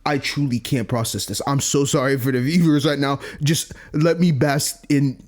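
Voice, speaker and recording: A young man playing a story game, reading the dialogue aloud and reacting with excited exclamations and swearing. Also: mid-range voice, moderate pace. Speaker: let's play streamer.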